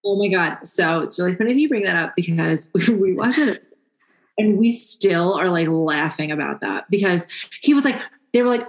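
A woman's voice: lowish voice, brisk, poor audio. A young woman co-hosting a casual podcast, swearing and laughing as she tells stories. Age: young adult. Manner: laughing, profane, animated storytelling. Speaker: podcast co-host. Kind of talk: casual chat.

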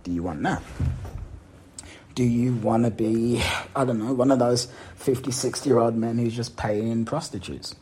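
A man's voice: fairly low pitch, mellow, a little hiss or hum. A man hosting a motivational podcast, talking straight to the listener and repeating words for emphasis. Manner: addresses the listener directly. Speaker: podcast host.

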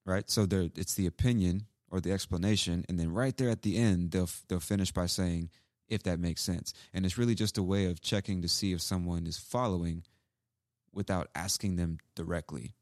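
Deep-voiced man teaching English phrases. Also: fairly even intonation, normal speed, a little mellow, dry recording, clean studio sound. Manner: casual, repeats examples, acts out sample lines. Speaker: English teacher, podcast host. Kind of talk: explaining phrases from a clip.

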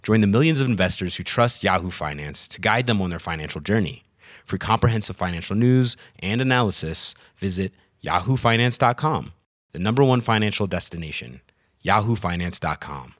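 A man reading a scripted advertisement as a voice-over with smooth promotional delivery. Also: sits low, animated, fairly quick, fairly bright tone, no echo, clean studio sound.

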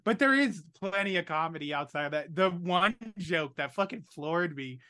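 A man's voice: a little high, animated, normal speed, pushed and bright. A young man co-hosting a podcast in casual chat, laid-back, laughing often and swearing freely. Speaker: podcast co-host.

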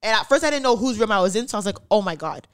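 A young woman with a slightly high, smooth voice talks very fast. She co-hosts a podcast and is telling a story in a casual way, laughing a great deal and performing the other people's voices.

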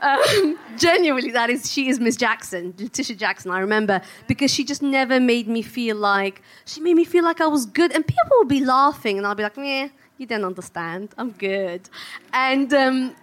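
A woman's voice: a little high, fairly bright tone. A woman in her forties from England, an actor and producer, telling her story on a panel. She speaks animatedly, with frequent laughter and many restarts.

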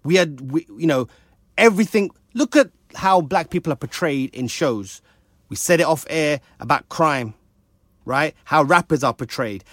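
A British man co-hosting a casual discussion, speaking with passion and climbing in pitch when a point matters to him. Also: no echo, clean studio sound. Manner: animated, rises sharply when passionate.

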